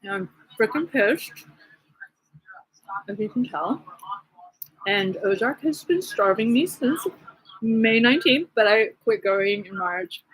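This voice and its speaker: Woman, husky voice, rambling vlog rant, gossipy, agitated, lots of fillers. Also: fairly high pitch, lively intonation, slow pace, long pauses, low-quality recording. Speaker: vlogger. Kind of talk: rambling casual monologue.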